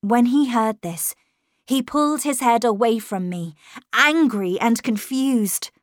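Slow, expressive woman reading a ghost story. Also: a little high, no echo, studio quality. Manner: measured and expressive, dramatic at tense moments. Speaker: audiobook narrator. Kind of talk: scripted first-person audiobook narration.

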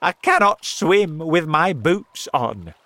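A man doing a fussy, loud centipede. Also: mid-range voice, sing-song, measured pace, no echo, voice pushed up. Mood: complaining. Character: fussy centipede with many boots.

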